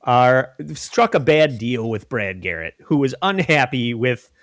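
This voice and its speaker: Male podcast host, mid-pitched voice, dry close sound, rambling casual chat. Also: very animated, unhurried, no echo. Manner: rambling, laughs often.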